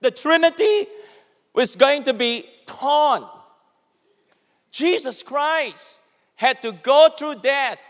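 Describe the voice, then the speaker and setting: A man's voice: extremely high pitch, slow, long pauses, in a large hall. A man pastor preaching a sermon, acting out quoted lines as he speaks. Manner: animated, acts out quoted speech.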